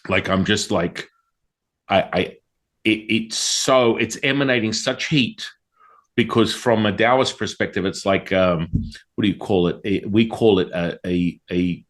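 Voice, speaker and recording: Animated low-voiced male storyteller. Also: a little slow. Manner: animated, repeats words and restarts. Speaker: Taoist priest, interview guest. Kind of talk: casual storytelling interview.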